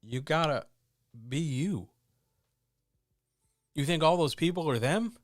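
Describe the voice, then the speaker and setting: A man's voice: on the high side, expressive, slow, no echo. A man hosting a stream, giving a blunt, earnest, motivational talk into a microphone at home with his cats, swearing freely. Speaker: streamer host. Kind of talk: candid motivational monologue. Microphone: talking into a microphone.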